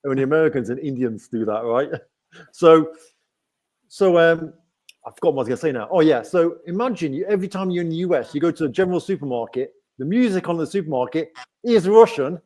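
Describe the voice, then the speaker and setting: Hosting a laid-back livestream chat, a Nottingham-accented man from England talks fairly quickly in a fairly high, expressive, slightly mellow voice. His manner is chatty and meandering, with frequent "right?" tags.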